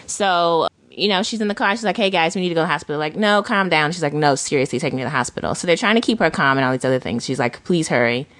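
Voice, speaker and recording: A woman with a low voice co-hosts a casual podcast. She tells stories in an animated way and acts out the people she quotes. Her voice sounds close and dry, with no room echo. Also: fast talker, few pauses. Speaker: podcast co-host. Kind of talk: casual chat.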